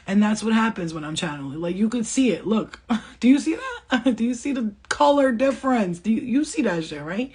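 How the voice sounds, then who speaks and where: Brief: woman channeler on a casual livestream, husky voice, quick and blunt, swears freely. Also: fairly high pitch, lively intonation, a little mellow. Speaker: spiritual channeler giving a reading.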